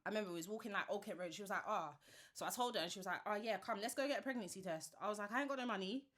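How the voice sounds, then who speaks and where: A woman's voice: mid-range voice, racing, a bit bright. A woman in her twenties with a London accent, telling her story animatedly with plenty of slang as a podcast guest. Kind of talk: casual chat.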